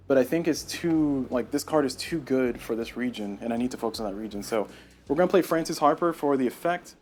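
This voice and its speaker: A man with a medium-pitched voice plays a solo board game on a live stream, narrating each move. Bad dice rolls make him loudly exasperated, and there's slight background noise.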